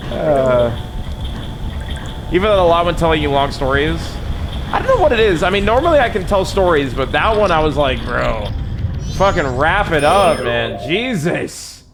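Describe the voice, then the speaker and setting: A young man chatting casually on a live game stream, rambling and swearing, calling his viewers bro. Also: a little high. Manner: rambling, profane, says bro a lot.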